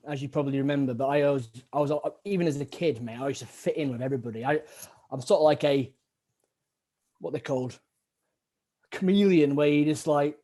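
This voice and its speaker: Podcast host, higher-pitched man. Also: a little mellow. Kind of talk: casual conversation.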